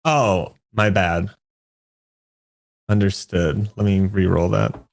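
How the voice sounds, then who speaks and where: A man playing in a tabletop role-play game, asking quick, easygoing questions about the rules. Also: low voice, fairly even intonation. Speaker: player. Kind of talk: casual game chat.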